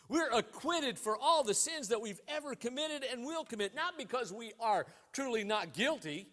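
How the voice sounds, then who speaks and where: A man preaching a sermon, telling anecdotes with wide swings in pitch and loudness. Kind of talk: sermon with storytelling.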